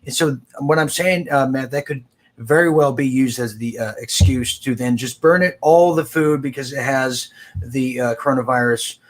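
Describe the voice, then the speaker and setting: A man hosting a live political talk show, rambling with quick asides and frequent restarts. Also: mid-range voice.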